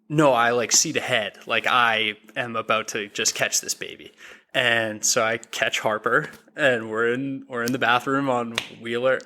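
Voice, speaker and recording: Young guy on a podcast telling a wild story, acts out the dialogue, bright punchy voice. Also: medium pitch. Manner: animated retelling with quoted dialogue. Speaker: podcast guest. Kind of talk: casual storytelling.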